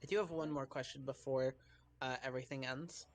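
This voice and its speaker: A man's voice: mid-range voice, fairly even intonation, a little fast. A man playing in a tabletop game, asking the game master questions casually and with hesitation. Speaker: player.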